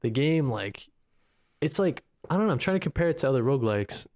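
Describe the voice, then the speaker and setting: A man's voice: mid-range voice, lively intonation, fairly quick, darkish tone. A man co-hosting a gaming podcast, rambling casually with lots of "you know what I mean" and some swearing. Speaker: podcast co-host. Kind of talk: casual chat.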